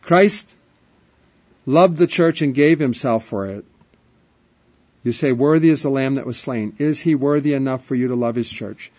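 A man preaching an emphatic sermon, repeating refrains, with his voice swelling up and dropping to a hush. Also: mid-range voice, normal speed, long pauses. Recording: dull lo-fi sermon recording.

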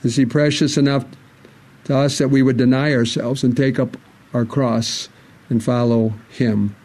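A man's voice: mid-range voice, steady tone, unhurried, darkish tone. A man preaching a sermon, reading scripture aloud and pressing earnest, repeated rhetorical questions. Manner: reads scripture aloud in King James wording.

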